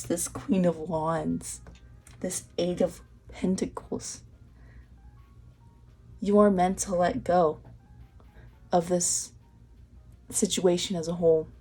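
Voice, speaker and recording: A woman's voice: lowish voice, dark tone, slightly rough. A young woman giving a pick-a-card tarot reading, talking straight to the viewer in an earnest, encouraging way, repeating herself and restarting her sentences. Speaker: tarot reader.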